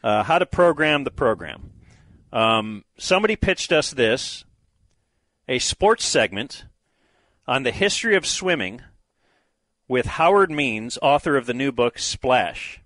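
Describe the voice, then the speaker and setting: A man's voice: mid-range voice, sing-song, unhurried, pauses often, a bit bright, no room sound. A man hosting a radio show, blunt and wry as he steers the talk. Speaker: radio host. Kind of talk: casual radio banter.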